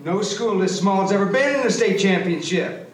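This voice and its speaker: A man's voice: sits high, lightly acted. A man playing a rambling, emotional old father. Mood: proud. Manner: halting, repeats himself, rambles. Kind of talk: film drama. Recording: film audio with roomy echo and faint music.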